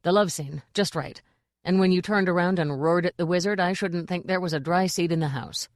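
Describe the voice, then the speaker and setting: A woman's voice: on the low side, dry recording, clean studio sound, lightly acted. A woman voicing a shrewd, businesslike male troupe manager. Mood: firm. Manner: firm, brisk, businesslike.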